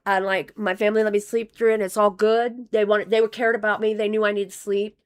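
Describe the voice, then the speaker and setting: Though her delivery is flat and brisk, this woman's medium-pitched voice is clear and resonant, even as it wears thin. She's live-streaming casual commentary, rambling and cursing through donation readouts with many restarts.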